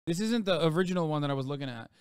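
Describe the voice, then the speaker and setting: A man's voice: on the high side, expressive, racing, clean tone, no room sound, clean studio sound. A man livestreaming reaction commentary, ranting in a profane, sarcastic way.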